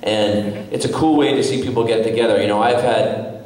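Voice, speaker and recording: A man's voice: on the low side, steady tone, brisk, darkish tone. A man chatting as a guest at a fan convention panel, telling anecdotes and acting out the voices of people in them, often breaking into laughter. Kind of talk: anecdotal storytelling to an audience. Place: large convention hall. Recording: echoey convention hall, mic from far off.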